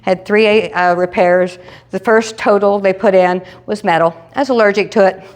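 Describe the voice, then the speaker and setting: A woman, telling a personal story to a live group and acting out every line of dialogue with big jumps in pitch. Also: fairly even intonation, normal speed. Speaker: presenter sharing a testimony.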